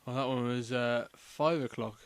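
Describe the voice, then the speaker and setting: A man's voice: mid-range voice, steady tone, normal speed, clean tone, dry recording. A man answering quiz questions in casual chat, thinking aloud with fillers before each answer. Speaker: quiz contestant.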